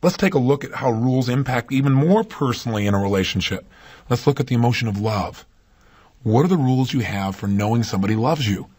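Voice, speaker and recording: A man delivers a motivational talk at a quick pace, his husky, rough-edged voice medium in pitch, expressive, and somewhat dark. He stresses his words and keeps asking the listener rhetorical questions.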